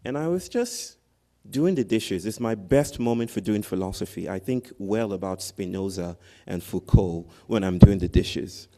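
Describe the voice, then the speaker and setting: A man with a fairly low, warm, mellow voice gives a commencement address from a podium microphone. He talks to the crowd as a storyteller and keeps checking in with a quick "right?". He is speaking under a large tent at an outdoor ceremony. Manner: animated storyteller, tags lines with "right?". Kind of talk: storytelling speech to an audience.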